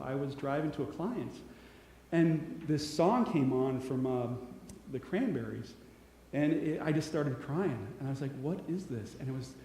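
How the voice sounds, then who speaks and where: A middle-aged man telling a lively personal story to an audience as a public speaker. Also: mid-range voice, slight background noise. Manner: animated storyteller, bursts of loud acted shouts. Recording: echoey hall with long reverb.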